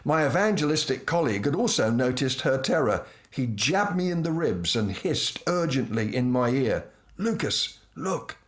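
A middle-aged man with a medium-pitched voice reads a humorous personal anecdote from a script at a moderate pace, barely pausing. His wit is dry and self-mocking, with lively asides.

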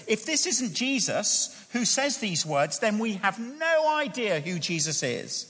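A man preaching a sermon, reading scripture aloud with emphatic, animated delivery. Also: high-pitched, moderate pace. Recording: long hall reverb.

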